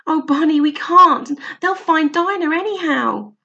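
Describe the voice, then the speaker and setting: A woman's voice: very high voice, very animated, moderate pace, muffled recording, pitched above the performer's own voice, full character voice. Woman doing cautious girl Lou. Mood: anxious. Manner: hushed, anxious urging. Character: cautious older sister, bossy and careful.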